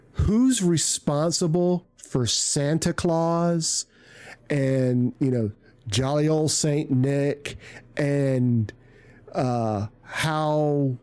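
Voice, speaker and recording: Male streamer, loose profane chat, warm dark tone, slow delivery, dead-dry studio sound. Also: on the high side, no echo. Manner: rambling, profane, self-mocking. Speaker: live streamer. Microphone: desk microphone on arm.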